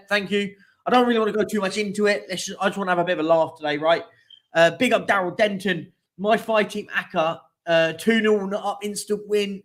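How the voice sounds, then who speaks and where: Casual male streamer, high-pitched, loose and chatty, reads lists and greets viewers. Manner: chatty, reads out team lists and shout-outs. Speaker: streaming show host. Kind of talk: casual live-stream chat.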